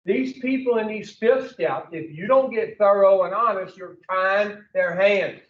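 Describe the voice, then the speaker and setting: A man's voice: high-pitched, measured pace, reverberant, distant mic, muffled recording. A man giving a blunt, profane recovery talk to a group, telling his story and putting questions to the room. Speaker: recovery speaker.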